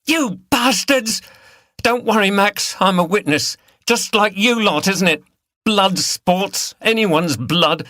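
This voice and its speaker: A man voicing a fierce, defiant young woman hunt saboteur who shouts and curses. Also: lowish voice, unhurried, hardly any pauses, slightly rough, dry recording, studio quality, exaggerated voice. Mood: furious defiant. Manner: shouting, furious, cursing.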